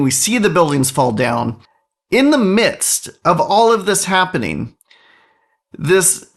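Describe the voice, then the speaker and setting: A middle-aged man who hosts a podcast speaks his mind with indignant force, and his pitch swings widely. His talk is loose and unscripted, with words repeated as he hunts for the next phrase. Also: fairly bright tone. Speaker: podcast host. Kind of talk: casual opinion monologue.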